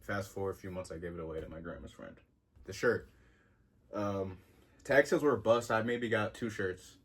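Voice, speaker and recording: Slangy young man, low voice. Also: normal speed, breathy edge. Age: 20s. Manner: slangy and excitable, with jumps in pitch. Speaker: vintage clothing vlogger. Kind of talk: casual vlog talk.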